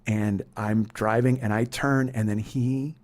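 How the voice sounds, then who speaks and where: A man's voice: on the low side, steady tone, measured pace, darkish tone. A man in his forties hosting a comedy podcast, telling a personal story in an intense, profane, rambling monologue. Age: 40s.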